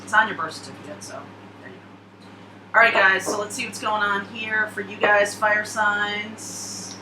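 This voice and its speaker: A woman's voice: mid-range voice, reverberant, noisy background. A woman giving a casual, chatty tarot reading, laughing and rambling through asides. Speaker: tarot reader.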